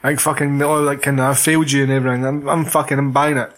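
A man's voice: medium pitch, little pitch movement, fast, fairly bright tone. A young Scottish man co-hosting a casual film chat, joking and swearing. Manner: laughs often, sweary, banters. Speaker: podcast co-host.

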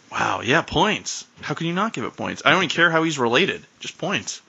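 Lively guy riffing and laughing, slow bright delivery, dull lo-fi recording with faint hiss. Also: a little high, gravelly. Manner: animated, laughing, riffing on jokes. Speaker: podcast co-host. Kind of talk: casual chat. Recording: dull lo-fi sound, faint noise.

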